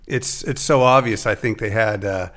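A man's voice: lowish voice, normal speed, a bit bright. A man hosting a podcast and chatting casually with his guest. He hesitates often and restarts his sentences. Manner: conversational, hesitant with frequent restarts. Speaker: podcast host. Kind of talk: casual chat.

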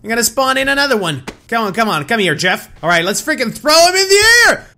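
A young man giving excited, loud gameplay commentary as a gaming video host. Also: very high voice, fast, background noise. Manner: hyped, loud exclamations and laughter. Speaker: gaming YouTuber. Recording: background music under voice.

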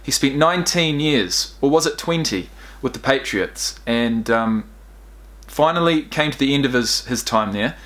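Young male reaction host, mid-pitched, casual and choked up, chats directly to viewers. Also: animated, measured pace, a bit bright. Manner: emotional, rambling, talks straight to viewers.

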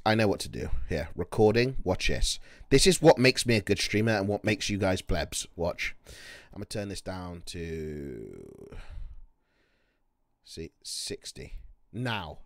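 A man's voice: sits low, very animated, measured pace, no echo, studio quality. A male livestreamer chatting casually to his viewers, brash, profane and mocking. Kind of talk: casual live-stream chat.

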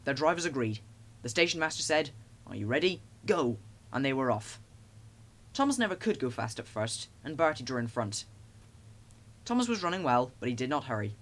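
A man reads a children's storybook aloud with lively expression. His voice sits in an ordinary middle range, neither deep nor high. The telling is steady and clear. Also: brisk. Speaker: narrator. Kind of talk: storybook narration.

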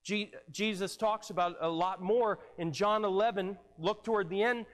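Male pastor, high voice, earnest sermon delivery with repeated words, church hall with long reverb. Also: moderate pace. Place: church sanctuary.

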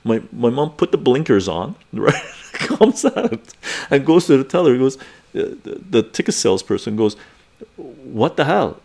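A man in his forties hosts a live stream and spins a casual story. His pitch swings widely as he talks, and he laughs often and swears freely. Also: very animated, moderate pace, vocal fry, warm tone.

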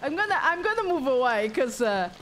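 A woman live-streaming a horror game, with excitable, jokey commentary and plenty of swearing. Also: high-pitched, brisk, slight background noise.

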